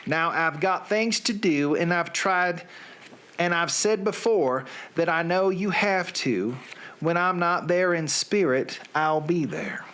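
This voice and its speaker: Man doing a thick Southern drawl, slow deadpan recital, slightly high. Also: heavily acted. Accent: Southern US, put on. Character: adult man reading lyrics in a thick drawl. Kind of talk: comic dramatic reading.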